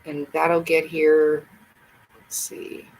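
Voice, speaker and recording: A woman's voice: deep voice, monotone, very slow, darkish tone, slight background noise, poor audio. A woman hosting a livestream, rambling casually to herself and her viewers in a chatty way. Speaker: livestream host.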